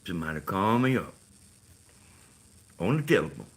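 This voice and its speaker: A man's voice: low voice, big pitch swings, moderate pace, husky. A middle-aged man with a Georgia Southern accent talking casually and rambling on a live stream. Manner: meandering, full of "you know" and "like".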